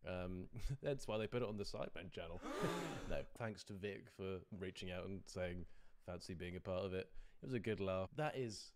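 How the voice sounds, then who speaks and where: A man's voice: sits low, moderate pace. A man streaming a reaction to his own stand-up performance, talking casually, self-deprecating and laughing often.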